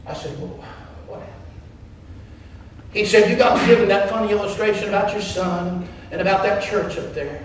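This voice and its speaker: A man's voice: high-pitched, a little fast, slight background noise. A man from Wyoming preaching a sermon as a pastor, telling a story with passion and acting out other people's words. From Wyoming, United States. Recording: echoey hall from far off.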